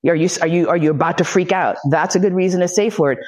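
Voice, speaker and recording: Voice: medium pitch, quick pace, a little mellow. A podcast host telling a personal story in a blunt, profane way, full of fillers and restarts, acting out what other people said. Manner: blunt, profane, with frequent fillers and self-interruptions; vivid re-enactment of other people's speech. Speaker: podcast host giving a lecture.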